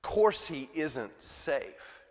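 A man voicing a gruff, emphatic male beaver with a put-on British accent, speaking slowly and weightily. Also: on the high side, sing-song, exaggerated voice. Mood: insistent. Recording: long church reverb.

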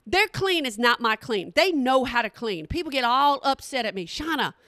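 Woman, middle-aged, sassy, blunt, bright tone, dry close sound. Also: high-pitched, expressive, normal speed, no echo. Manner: sassy, blunt, talks straight to the audience. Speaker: vlogger. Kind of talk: casual comedic monologue.

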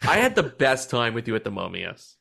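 Excitable, swearing man. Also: medium pitch, brisk, creaky. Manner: excited, profane, laughing storyteller. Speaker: podcast co-host. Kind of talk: casual chat.

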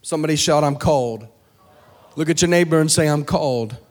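A young man preaching a sermon to a live congregation, moving from easy storytelling to chanted, shouted climaxes. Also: fairly high pitch, brisk.

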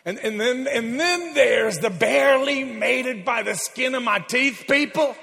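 A man, a pastor preaching a sermon, animated and shouting to his congregation. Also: extremely high pitch, a little slow, vocal fry. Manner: animated, shouting, call-and-response. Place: large church hall. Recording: long hall reverb, faint music.

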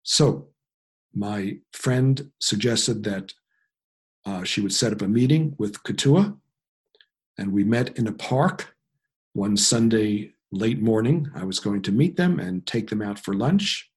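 A man's voice: fairly low pitch, expressive, slow pace, slightly rough. A man telling a personal story in a reflective, self-deprecating way. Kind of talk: personal anecdote.

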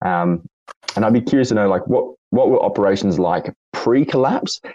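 A man with an Australian accent and a raspy voice, hosting a casual audio chat and asking long, rambling questions with lots of fillers. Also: on the low side, moderate pace, mellow, dry recording, poor audio. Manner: rambling, self-correcting questions with frequent fillers. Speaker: host. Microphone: online audio chat room.

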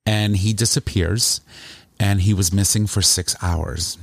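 A man telling a long personal story in casual chat, rambling and animated, with plenty of emotion. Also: lowish voice, a little slow, creaky, no room sound, studio quality.

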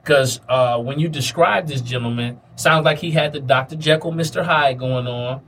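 A man's voice: medium pitch, moderate pace, fairly bright tone. A male host asking thoughtful, affirming interview questions. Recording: distant mic with faint noise.

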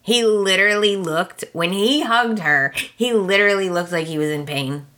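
A woman's voice: medium pitch, moderate pace, bright, forceful tone. A woman hosting a podcast, recapping a soap opera in a gossipy, exasperated way and talking straight to her listeners. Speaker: podcast host.

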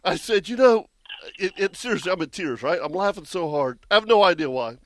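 A man with a drawl who chats in a high voice, animated and quick to laugh, stumbling over repeated words. The sound is dry and close. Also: dry recording. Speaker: radio fishing show host. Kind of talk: casual chat.

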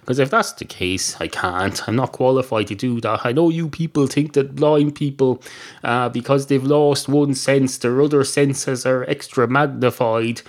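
A man's voice: medium pitch, moderate pace, lightly acted. Man playing a testy blind man, indignant and rambling, comic monologue bit. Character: grumpy blind man, pedantic, irritable.

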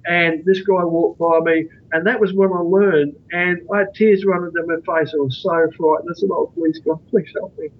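A man's voice: high voice, steady tone, normal speed, few pauses, slight background noise. A man being interviewed as a guest author, telling a long anecdote in a rambling, earnest way. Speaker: guest, author on out-of-body experiences. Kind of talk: storytelling in a podcast interview. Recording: dull lo-fi recording.

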